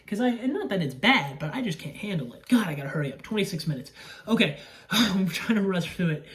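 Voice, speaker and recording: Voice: medium pitch, sing-song, quick pace. A young adult recapping a horror movie in a casual, rambling way, swearing often and breaking into grossed-out outbursts. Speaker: movie reviewer.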